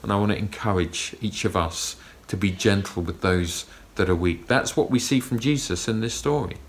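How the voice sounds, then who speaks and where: A man preaching a sermon, telling a story calmly with gentle emphasis. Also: on the low side, moderate pace.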